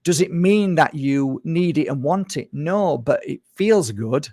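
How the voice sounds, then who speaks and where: A man giving a reflective spiritual monologue, talking conversationally, repeating himself and slipping into quick mimicry of others. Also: a little high, lively intonation, dark tone, no echo, clean studio sound. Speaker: spiritual speaker.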